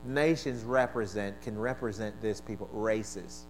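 A male pastor preaching a sermon, leading call-and-response and swinging from quiet asides to shouted exclamations, originally from the American East Coast. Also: fairly low pitch, measured pace, soft background music, rough recording.

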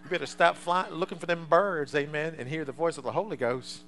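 A male preacher delivering a fervent sermon to a congregation, swinging from quiet asides to loud shouts. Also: fairly high pitch, fairly quick, poor audio.

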